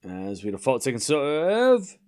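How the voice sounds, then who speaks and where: A man hosting a live tennis watchalong stream, calling points play by play with casual joking asides and shouting on big moments. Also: mid-range voice, measured pace, clean tone. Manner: excitable, shouts on big points, chatty and joking between rallies.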